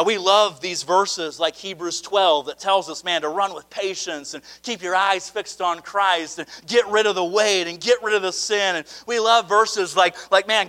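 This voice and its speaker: A man preaching a sermon, animated, swinging from loud emphasis to quiet asides and acting out voices in the story. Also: sits high. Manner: acts out voices in retelling Bible stories.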